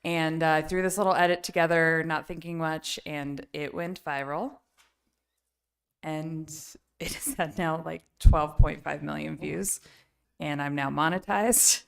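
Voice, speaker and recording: A woman's voice: deep voice, steady tone, measured pace, creaky, clear, resonant tone. Woman chatting at a council meeting, self-deprecating, laughs a lot. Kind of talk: casual meeting chat.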